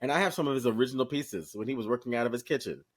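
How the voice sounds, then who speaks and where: A man co-hosting a podcast, chatting casually and telling a lively story, talking straight to listeners and swearing freely. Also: medium pitch, rapid-fire. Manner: animated storyteller who acts out quoted voices. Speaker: podcast co-host. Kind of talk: casual chat.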